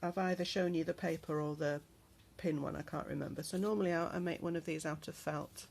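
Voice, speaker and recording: Woman flipping thru a craft journal, low gravelly voice, chatty with lots of ums, slight hiss behind. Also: steady tone, a little mellow. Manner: chatty, unhurried, many ums. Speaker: crafter showing a handmade journal. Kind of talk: casual show-and-tell vlog.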